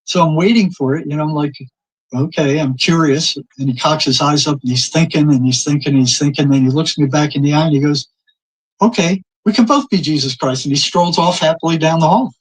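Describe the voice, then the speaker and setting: An older man spins a rambling tale, stumbling over his words and putting on the voices of the people he quotes. His voice sits a little high and sounds husky. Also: steady tone, quick pace, few pauses, rough recording. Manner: rambling anecdotes, repeats words, acts out quoted exchanges. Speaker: guest telling stories. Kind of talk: casual storytelling.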